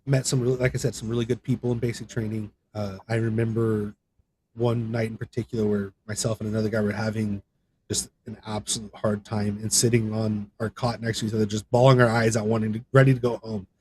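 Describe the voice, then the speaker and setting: A man's voice: on the low side, flat delivery, fast talker, darkish tone, a little hiss or hum. Man rambling through a personal story. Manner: rambling, conversational, with many fillers and restarts; voice rises sharply when reenacting others. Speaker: podcast guest, gaming content creator. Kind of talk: casual storytelling.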